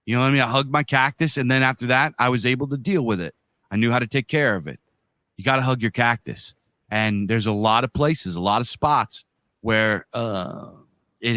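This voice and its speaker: With a sharp yet clear, resonant tone at medium pitch, a podcast co-host aged 30s to 40s talks bluntly in casual chat. He swears heavily and leans on slang, and the recording has no room sound.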